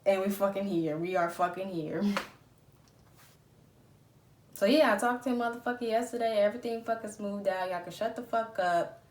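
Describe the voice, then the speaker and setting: A woman vlogger telling a story in a lively, profane storytime style. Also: medium pitch, a little fast. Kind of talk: storytime vlog. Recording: roomy echo.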